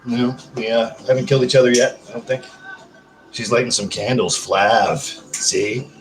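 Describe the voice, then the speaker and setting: A man's voice: mid-range voice, fairly even intonation, moderate pace, faint music behind. Male streamer, casual home live-stream chat, crude and joking with viewers.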